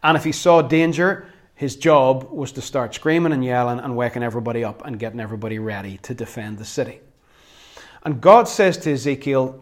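A man's voice: medium pitch, fairly quick. A man with a Northern Irish accent preaching a sermon, conversational and earnest with flashes of wry humor. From Northern Ireland. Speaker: pastor.

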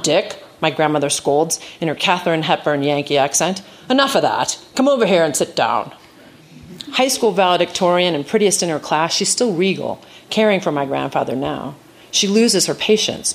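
Lively low-voiced woman reading aloud. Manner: wry, storytelling delivery. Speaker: essayist reading her work. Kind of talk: live reading of a personal essay. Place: stage at a live reading event.

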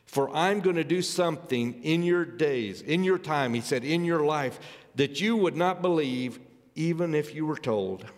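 A man's voice: fairly high pitch, lively intonation, unhurried. A man preaching a sermon, reading scripture aloud and urging his listeners with earnest, rising emphasis. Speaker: pastor. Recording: long hall reverb.

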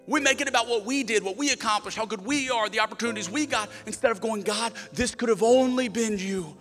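Southern guy preaching, kinda high voice, big echoey sanctuary, gets loud then goes quiet. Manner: passionate, builds to loud emphatic peaks, drops low for quoted asides. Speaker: pastor. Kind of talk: sermon.

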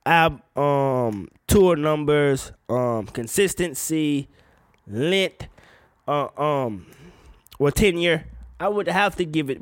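Guy ranting casual and cussy, pitch jumping all over, bit high, dry close sound. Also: takes it slowly, no echo. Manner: profane, animated, with sudden loud high outbursts. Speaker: solo commentator. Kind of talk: casual rant about music gossip.

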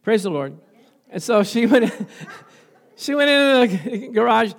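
A man's voice: very high voice, lively intonation, unhurried, vocal fry. A middle-aged male pastor preaching a sermon, telling stories with laughter and frequent praise interjections.

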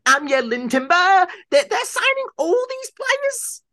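A wailing Liverpool football pundit. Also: male voice, big pitch swings, a little slow, sharp tone, dry recording, full character voice. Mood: anguished. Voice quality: shrill, wailing, near sobbing. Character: anguished Liverpool football pundit, middle-aged man.

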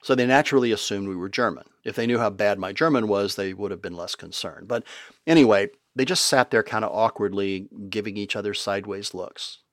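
A man's voice: lowish voice, a little fast, no room sound, clean studio sound. An older man narrating his travel stories in a wry, conversational way with playful asides. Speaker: podcast storyteller. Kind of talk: storytelling narration.

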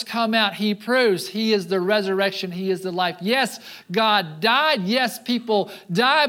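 A man preaching a sermon as pastor, with a high voice and a lively, animated delivery. He now and then slips into the voices of people in the story he is telling.

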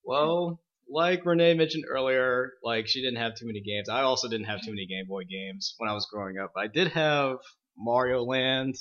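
Relaxed man guest on a podcast. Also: mid-range voice, normal speed, muffled recording. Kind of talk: casual chat.

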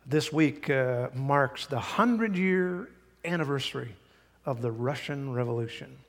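A man's voice: mid-range voice, animated, a little slow, long reverb tail. A man preaching a sermon in a church, folksy and emphatic, sometimes mimicking people to make a point. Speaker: pastor. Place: church sanctuary.

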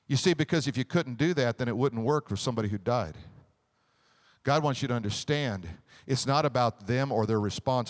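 A man preaching a sermon as pastor, animated, with a joke and call-and-response. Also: mid-range voice, fairly quick.

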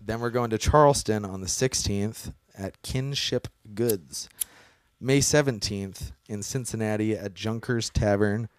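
A man's voice: lowish voice, measured pace, clear, resonant tone, no echo. Man, band guest, casual chat, laid-back, hesitant, dry sound. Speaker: touring band member, guest.

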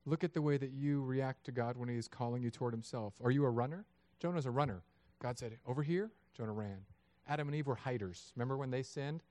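Pastor in his thirties delivering a sermon, mid-pitched and animated, dry close-miked sound. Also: fast, few pauses, no room sound. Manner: animated, acts out voices of God and people.

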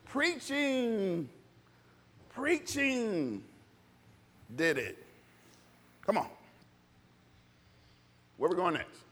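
A man's voice: very high-pitched, bright, forceful tone. A man with a scratchy voice preaching a sermon as pastor, calling out for responses from the congregation. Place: church hall. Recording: reverberant hall.

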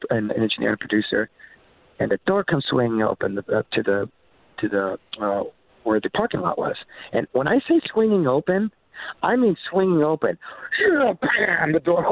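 A musician from California telling a story animatedly, full of fillers and swearing. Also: male voice, mid-range voice, no room sound. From Montebello, California. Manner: swears freely, many fillers, builds to excitement. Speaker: musician guest. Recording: dry, tinny phone-like line.

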